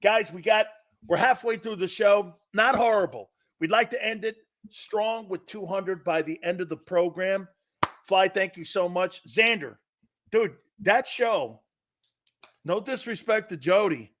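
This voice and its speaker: Middle-aged male sports host, high, sharp voice, loud and jokey, stumbles over repeats. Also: measured pace. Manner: loud, joking, repeats words when excited. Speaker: show host. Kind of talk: casual sports radio banter.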